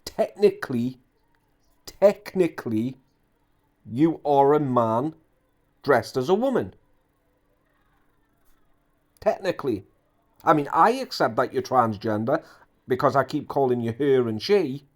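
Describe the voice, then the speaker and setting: A man's voice: medium pitch, lively intonation, moderate pace. A man giving indignant, repetitive ranting commentary on an online drama.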